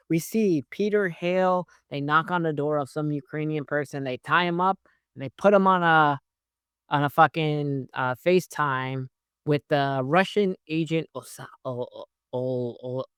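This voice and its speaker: A man's voice: on the high side, clear, resonant tone, dry recording, clean studio sound. A man hosting his own show, giving a casual, rambling recap of a TV episode with frequent swearing. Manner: rambling, profane, conversational. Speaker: host.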